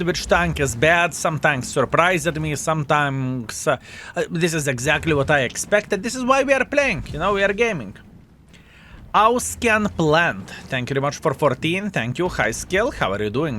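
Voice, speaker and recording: A man's voice: on the high side, expressive, moderate pace, pushed and bright, slight background noise. A man streaming a tank game, commenting on the action, swearing and thanking chat viewers by name. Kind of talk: live gameplay commentary and chat reading.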